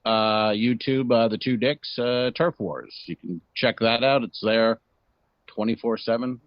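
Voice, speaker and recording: Male podcast co-host, relaxed and rambling, dry close sound, slightly muffled. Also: medium pitch, a little slow, no echo. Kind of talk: casual podcast chat.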